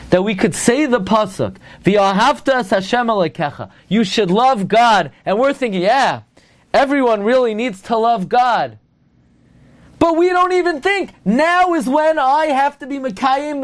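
A man with a high-pitched voice delivers a lively Torah lecture. He speaks emphatically, turns to his listeners with pointed rhetorical questions, and weaves Hebrew and Yiddish terms into his English as he tells a story. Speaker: rabbi teaching Torah.

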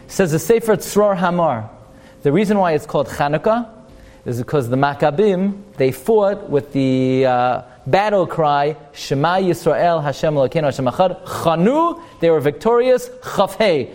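A man giving a sermon-style Torah talk at a memorial gathering, asking questions and answering them, rising in pitch to stress points. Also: darkish tone.

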